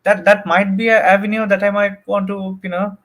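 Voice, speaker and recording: A man's voice: high voice, flat delivery, a little fast, fairly bright tone. A man talking casually as a guest in a group chat, hesitant and joking, with many fillers. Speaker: guest panelist.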